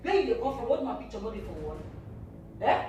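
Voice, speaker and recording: An actress playing a cheeky, sharp-tongued young village woman who teases loudly and speaks with a Nigerian Pidgin accent. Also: fairly high pitch, big pitch swings, fast talker. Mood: scolding. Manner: mocking, loud, laughs through lines. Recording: echoey room, mic far off, soft music.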